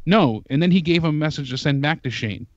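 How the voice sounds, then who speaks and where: A man's voice: a little high, expressive, brisk, no room sound, highs cut off. A man co-hosting a casual review chat, sarcastic and exasperated. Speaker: co-host.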